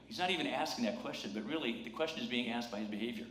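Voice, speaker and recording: A man preaches in a church, and his voice carries a roomy echo off the walls. His pitch sits mid-range for a man. He keeps the sermon loose and chatty, with jokes and little acted-out voices. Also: expressive, quick pace. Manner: conversational and humorous, acts out quoted voices. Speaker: pastor. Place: church sanctuary.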